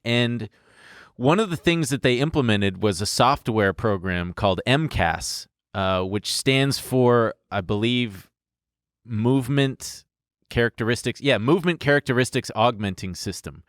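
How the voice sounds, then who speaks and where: A man's voice: mid-range voice, lively intonation, unhurried, dry recording, studio quality. A man co-hosting a podcast, explaining at length in a casual, profane way. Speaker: podcast co-host. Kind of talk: casual chat.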